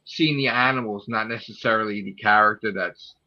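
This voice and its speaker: A man's voice: on the low side, a little fast, sharp tone. A man chatting casually late at night, rambling and swearing freely. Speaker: channel host. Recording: muffled phone audio.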